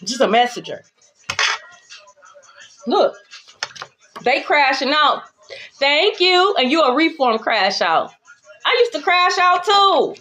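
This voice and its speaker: A woman giving a spiritual tarot reading to her viewers, blunt and profane, swinging between calm reassurance and heated calling-out. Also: high voice, slow pace, long pauses. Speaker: tarot reader. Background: background music.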